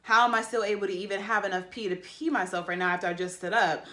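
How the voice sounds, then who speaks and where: A woman's voice: medium pitch, steady tone, fast talker, sharp tone. A woman telling a personal story to camera, rambling and emotional, with many fillers and restarts. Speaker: vlogger.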